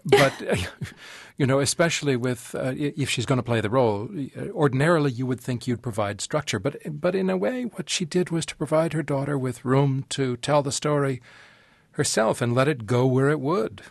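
A man's voice: medium pitch, expressive, moderate pace, vocal fry, no room sound. Conversational male interviewer, dry sound. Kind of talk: radio interview.

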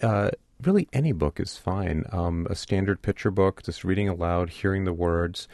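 A middle-aged man with a low voice talks earnestly as a pediatrician in an interview. He often repeats a word as he gets going. The recording is dry and close. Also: normal speed, a little mellow, no echo. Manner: earnest, explanatory, repeats words when starting. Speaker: pediatrician guest. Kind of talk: radio interview.

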